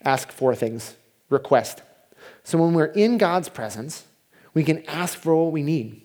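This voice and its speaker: Man, pastor, sermon, chatty, hushed in prayers, fairly high voice. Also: animated, normal speed. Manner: conversational, drops to a hushed voice for prayers.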